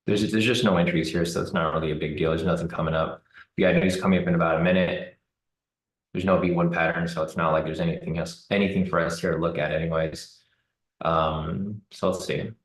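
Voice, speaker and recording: A man giving relaxed live commentary on a trading chart, thinking aloud with fillers. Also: low-pitched, brisk, roomy sound, low-quality recording. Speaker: trading streamer.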